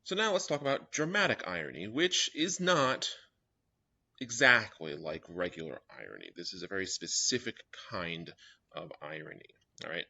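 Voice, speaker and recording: A man's voice: low-pitched, sing-song, normal speed, gravelly, pushed and bright. A man teaching a young writers' workshop, explaining step by step and often checking in with "all right?". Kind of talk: classroom lecture. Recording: dull lo-fi recording.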